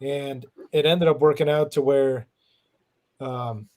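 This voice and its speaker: A man in casual chat who speaks haltingly, restarting sentences and tripping over words. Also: mid-range voice, steady tone, a little mellow.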